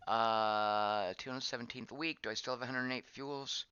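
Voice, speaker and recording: A man's voice: medium pitch, fairly even intonation, normal speed, pushed and bright, smooth, no echo. A man giving casual gameplay commentary as he plays, thinking aloud, wondering and reacting to what is on screen. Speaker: game streamer. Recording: dull lo-fi dry voice track.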